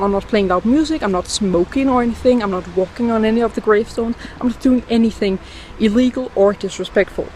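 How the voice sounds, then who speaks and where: A woman's voice: on the high side, a little mellow, slight background noise. A woman vlogging outdoors in a cemetery, ranting indignantly and swearing a lot, talking into a phone held at arm's length. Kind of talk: casual vlog rant.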